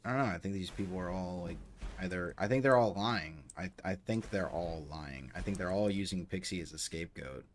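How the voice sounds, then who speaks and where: Deep-voiced blunt man, faint background noise. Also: brisk. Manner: blunt, opinionated, with hesitant fillers. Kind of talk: casual commentary.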